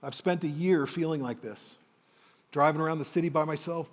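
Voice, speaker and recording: A man's voice: fairly high pitch, darkish tone, long reverb tail. Dramatic man speaking on stage. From Windsor, Ontario, Canada. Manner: dramatic, emotional, with slow weighty pauses. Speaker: motivational speaker. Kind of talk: stage keynote storytelling.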